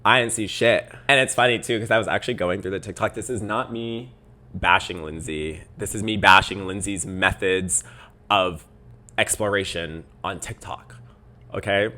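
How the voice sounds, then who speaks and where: A man's voice: low-pitched, normal speed. A young man hosting a podcast, telling a story in a casual, exasperated rant. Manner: exasperated, animated storytelling with mocking quoted voices. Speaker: podcast host.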